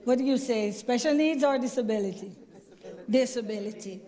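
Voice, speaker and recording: A woman's voice: on the high side, moderate pace, mellow, in a large hall. A woman leading a church program, earnestly addressing the congregation with questions. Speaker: church youth program leader.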